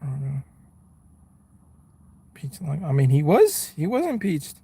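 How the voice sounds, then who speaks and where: Husky, gravelly streamer guy. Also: fairly high pitch, huge pitch swings, unhurried, warm tone. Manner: laid-back, rambling, drops bro and man often. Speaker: live streamer chatting with viewers. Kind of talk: casual chat with live chat. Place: inside a car.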